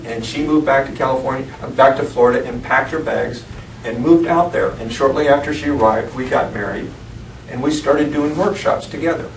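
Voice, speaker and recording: In a church sanctuary, a middle-aged reverend with a mid-range voice tells a personal story during his sermon at normal speed, often laughing. The recording is noisy and echoey, picked up from far off.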